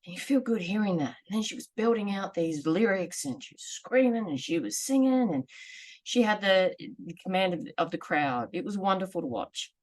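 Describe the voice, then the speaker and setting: A woman in her forties telling a personal story in a candid, earnest, measured way. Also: medium pitch, animated. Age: 40s. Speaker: vlogger sharing lived experience.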